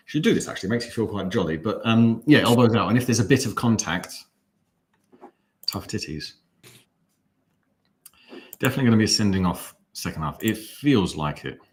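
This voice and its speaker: A man with an English accent and a low voice talks through a match as co-host of a fan watch-along. He enunciates every word carefully, drifts between tangents and slips in dry jokes. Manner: well-enunciated, wry, rambling.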